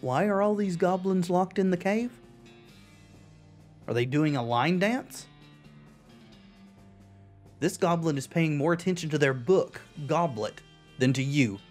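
A man hosts a video game playthrough, reading the on-screen text aloud before dropping dry jokes of his own. His voice sits somewhat high for a man. Faint background music runs underneath. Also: expressive, unhurried, long pauses, a little mellow. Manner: reads game text aloud, then adds dry wisecracks. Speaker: let's play host. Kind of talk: game commentary.

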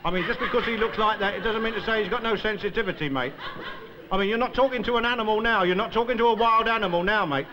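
A man's voice: high voice, quick pace, crowd noise, close to an everyday voice, poor audio. An actor playing a cheeky, argumentative male tramp in a 1960s TV sketch, rambling and calling everyone mate.

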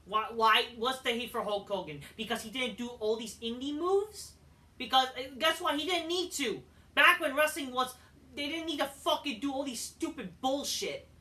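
A man's voice: extremely high pitch, moderate pace, sharp tone, far from the mic. A man reviewing a wrestling show in a heated, profanity-laden rant.

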